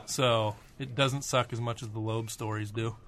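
A man's voice: medium pitch, steady tone, moderate pace, a crowd in the background. A man on a podcast panel, giving blunt opinions in casual chat.

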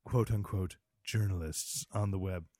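A podcast host with a low-pitched, darkish voice talks at a moderate pace with fairly even intonation, tossing wry, joking asides into a casual chat. The studio sound is clean, with no echo.

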